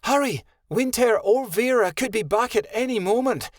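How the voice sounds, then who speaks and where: Guy doing a young girl wolf, high and anxious, earnest, pitch bouncing around, dry audiobook sound. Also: expressive, moderate pace, no echo, close to an everyday voice. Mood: urgent.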